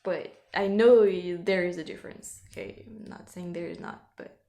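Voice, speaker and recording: A woman's voice: fairly low pitch, fairly even intonation, moderate pace, warm tone. Hesitant French woman in an echoey room. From France. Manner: hesitant, repeats words while searching for them. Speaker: video host reacting to clips. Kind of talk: casual reaction commentary. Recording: roomy echo with faint background music.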